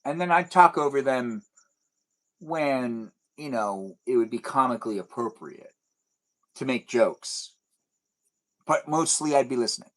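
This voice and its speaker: This young livestream host reads viewer comments aloud, rambling and making self-deprecating jokes as he replies. He speaks unhurriedly with lively intonation and frequent pauses, his medium-pitched voice a bit bright. The recording is rough.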